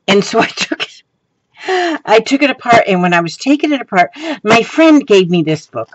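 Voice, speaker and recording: A woman's voice: mid-range voice, sing-song, normal speed, dull audio. A woman chatting casually as she shows her crafts, rambling with many ums and restarts and breaking into giggles. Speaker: crafting vlogger. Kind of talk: casual show-and-tell chat.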